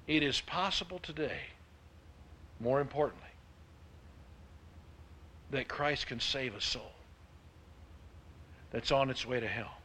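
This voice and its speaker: A man preaching a sermon, with emphatic delivery that swings between hushed and loud. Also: medium pitch, slight background noise. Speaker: pastor.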